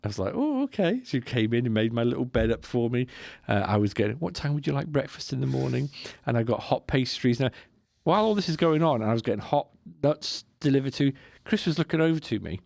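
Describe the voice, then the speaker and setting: A man telling a lively anecdote on a podcast, slipping into mimicked voices and laughing as he goes. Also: medium pitch, fast talker, hardly any pauses, no room sound, clean studio sound. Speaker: podcast co-host. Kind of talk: casual storytelling chat.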